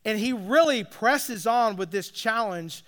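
A man's voice: high-pitched, expressive, a little slow, fairly bright tone. A middle-aged man, a pastor, giving a conversational sermon full of asides and restarts.

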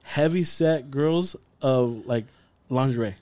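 A man's voice: mid-range voice, slow, darkish tone, no room sound. A man co-hosting a podcast, chatting in a laid-back, profane way that leans on "dude.". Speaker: podcast co-host. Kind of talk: casual chat.

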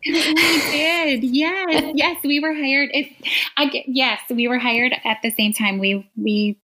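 A woman in her forties from Wisconsin, a teacher telling her story as a guest in a casual interview, earnest and quick to laugh. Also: sits high, steady tone, bright, forceful tone, low-quality recording.

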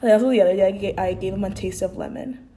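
A woman's voice: medium pitch, very fast, dark tone. A young woman co-hosting a podcast, chatting in a bubbly, exclamatory way. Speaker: podcast co-host. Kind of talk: casual chat. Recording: echoey room with noise.

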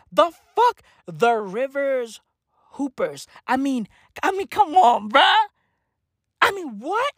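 A woman's voice: sits high, fairly bright tone, no echo, clean studio sound. A woman giving a mocking, profane sports rant, laughing often and repeating herself in exasperation. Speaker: sports commentator.

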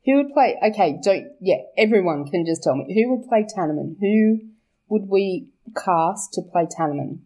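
A woman's voice: mid-range voice, animated, moderate pace, mellow. Chatty, giggly young woman. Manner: chatty, laughing, swearing, self-correcting asides. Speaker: author chatting about her characters. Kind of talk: casual chat.

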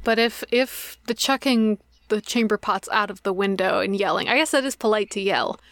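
A woman co-hosts a casual podcast chat at a middle pitch, close to a dry-sounding mic. She is playful and giggly, laughing often. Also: moderate pace, no echo. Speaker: podcast co-host.

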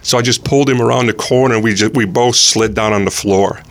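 A man's voice: mid-range voice, steady tone, fast. A middle-aged man, a pastor and coach, telling an earnest story in casual conversation, often repeating words as he starts.

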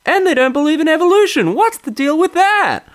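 A man's voice: extremely high pitch, very animated, a little fast, voice pushed up. A man doing a smug pseudo-Jerry stand-up. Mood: smug riffing. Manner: wise-guy sing-song delivery. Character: smug male 1980s stand-up comedian doing observational riffs.

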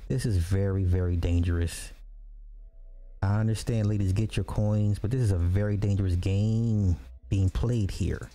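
Mellow-voiced man reading messages mockingly. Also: on the low side, fairly even intonation, normal speed. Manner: reads dramatically with mocking asides. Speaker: podcast host. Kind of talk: social commentary, reading messages aloud.

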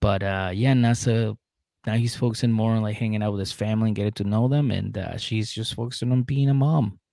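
A man with a low, gravelly voice recaps a reality show for his podcast, loose and rambling. The sound is close and dry, with no room around it. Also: fairly even intonation, a little fast, mellow, no echo. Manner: laid-back, rambling, acts out quotes in mocking voices. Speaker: podcast co-host.

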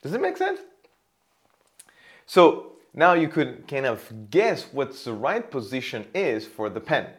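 A man teaching how to place the voice for sales, explaining with a pen example in an animated way. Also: mid-range voice, takes it slowly. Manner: animated, demonstrates loud and whispered voices. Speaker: voice and sales coach. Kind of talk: teaching monologue.

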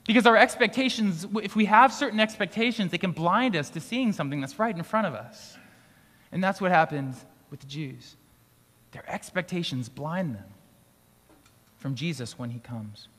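A man's voice: high-pitched, expressive, moderate pace, a bit bright. A man preaching a sermon as pastor, in a conversational way with restarts and occasional light laughs. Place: school auditorium used for church gathering. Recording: long hall reverb.

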